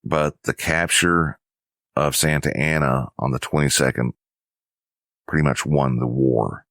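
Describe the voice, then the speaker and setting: Very deep-voiced man narrating history. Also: fairly even intonation, measured pace, fairly bright tone, no room sound, clean studio sound. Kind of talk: scripted history lesson narration.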